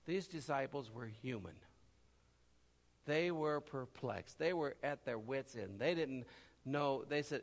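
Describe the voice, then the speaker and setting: A man preaching a sermon, swinging from loud cries to low murmurs and acting out the voices of people in his stories. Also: expressive, slow pace, gravelly, long reverb tail.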